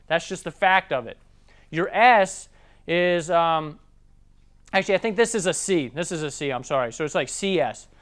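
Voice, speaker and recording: A young-sounding Southern man with a fairly bright, high, smooth and resonant voice works as a sales trainer, giving a loose, casual seminar talk on selling. He often switches into quick voices to play out customers.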